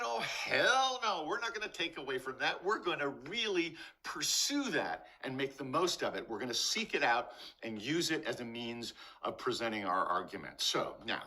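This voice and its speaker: An older man teaches acting from his garage, his voice bright and forward. He talks with energy and taps out rhythms while bouncing a ball. He sometimes steps back from the camera mic, so his voice sounds farther away. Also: mid-range voice. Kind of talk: instructional talk to camera. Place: garage with concrete floor.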